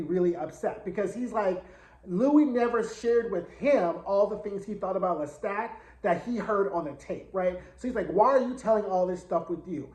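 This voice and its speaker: A man giving a casual episode recap. His retelling is chatty, slangy and dramatic. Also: high-pitched. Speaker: TV show reviewer. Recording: echoey room.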